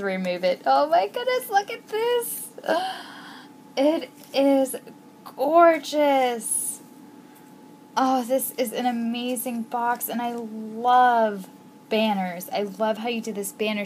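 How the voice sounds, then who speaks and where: Gushing woman unboxing crafts, slow-spoken. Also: medium pitch. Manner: gushing, frequent gasps and exclamations. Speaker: crafting vlogger. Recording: noisy home recording.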